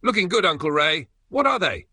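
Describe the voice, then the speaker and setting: A man's voice: lowish voice, sing-song, slow pace, a bit bright, no room sound, studio quality, heavily acted. A man voicing an upbeat, overly optimistic male pub owner in a spoken story. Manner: chirpy and optimistic.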